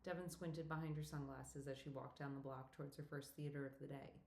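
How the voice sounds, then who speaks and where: In an echoey room, a woman with a low, creaky voice narrates an audiobook evenly and with measured delivery.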